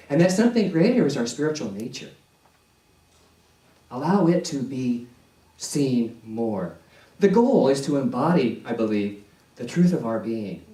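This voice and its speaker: A male minister preaching a sermon in a slow, deliberate way, repeating key phrases for emphasis. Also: medium pitch, mellow. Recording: echoey church hall, distant mic.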